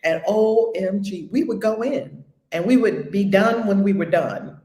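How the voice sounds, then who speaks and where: A woman's voice: medium pitch, unhurried, mellow, echoey room. A woman hosting a spiritual group call, talking in an exuberant, preacherly way with frequent laughter and repeated phrases. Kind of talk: casual inspirational talk.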